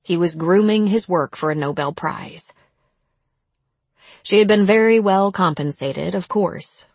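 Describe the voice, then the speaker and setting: A woman narrates a story in a measured, somber manner. Her voice is husky and sits low, and the recording is dry and close. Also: no echo. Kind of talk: audiobook narration.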